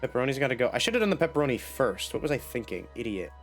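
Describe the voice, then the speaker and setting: Male streamer, casual live play, animated and chatty, mid pitch. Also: racing, faint music behind. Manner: chatty, playful self-talk. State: slight cough. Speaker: game streamer. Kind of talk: casual live gameplay chat.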